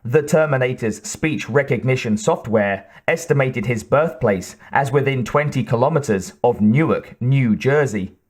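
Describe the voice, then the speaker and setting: A man narrating an audiobook in a measured, even delivery. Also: medium pitch. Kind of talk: scripted narration.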